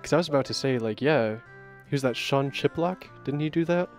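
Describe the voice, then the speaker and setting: A man's voice: medium pitch, fairly quick, faint music behind. A man hosting a casual livestream chat, easygoing and laughing often. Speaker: streamer host.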